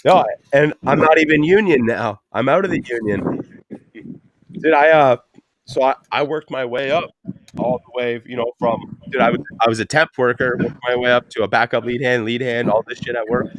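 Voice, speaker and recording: Speaking at normal speed in a mid-range voice, a thirtysomething podcast host tells stories in loose, casual conversation, swearing freely and padding with "like" and "you know." The audio has its highs cut off and carries a little hiss or hum.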